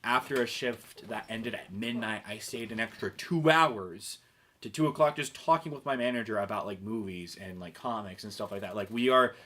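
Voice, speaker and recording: A man's voice: lowish voice, moderate pace, a bit bright. Give me a young man guest telling rambling stories, full of fillers and swearing. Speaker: podcast guest. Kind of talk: casual chat.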